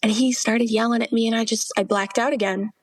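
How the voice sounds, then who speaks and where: A woman's voice: on the high side, steady tone, fairly quick, no echo. A young woman guest on a podcast, earnestly telling her personal faith testimony, quoting herself and laughing through hard memories.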